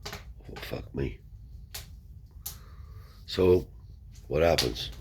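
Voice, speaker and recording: A man's voice: a bass voice, expressive, very slow, gravelly, noisy background. A man telling a rambling story in broad colloquial speech, swearing freely as he goes. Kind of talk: casual spoken anecdote.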